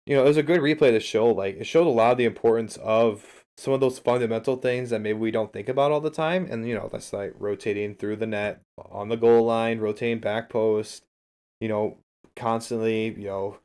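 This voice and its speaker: A man's voice: fairly low pitch, darkish tone. Chatty man coaching over a livestream. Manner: chatty, talks straight to his viewers and answers chat. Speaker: streamer and game coach. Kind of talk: casual livestream replay analysis.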